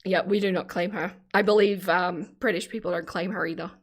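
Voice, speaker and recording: A woman's voice: fairly low pitch, steady tone, fairly quick. Chatty Australian woman live-streaming. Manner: chatty, laughs often, careful clear enunciation. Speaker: livestream host. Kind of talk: casual live-stream chat answering viewer comments.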